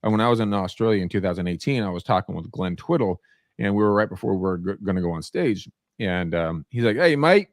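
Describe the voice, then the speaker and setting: A man co-hosting a casual podcast chat about real estate, an animated storyteller who acts out quoted people. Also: low-pitched, quick pace, no echo, clean studio sound.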